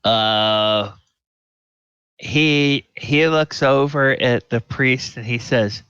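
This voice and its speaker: A man narrating a tabletop game as game master, halting and full of ums. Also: mid-range voice, pushed and bright, clean tone, no echo. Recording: slightly dull, dry audio.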